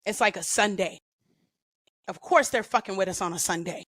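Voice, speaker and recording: Bright, animated woman telling stories. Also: medium pitch, normal speed, no room sound. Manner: profane, animated, slangy. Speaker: podcast guest. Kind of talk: casual storytelling.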